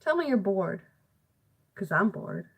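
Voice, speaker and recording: A woman's voice: mid-range voice, big pitch swings, measured pace, gravelly, background noise. A girl in her late teens, talking to herself at home in a rambling, self-deprecating, chatty way while doing homework. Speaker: vlogger.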